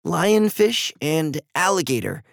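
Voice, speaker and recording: Guy doing a stubborn little girl, high and teary, jumpy pitch. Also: big pitch swings, slow, vocal fry, dry recording, clean studio sound, full character voice. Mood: lively. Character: upset young girl, anxious and stubborn. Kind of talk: storybook reading.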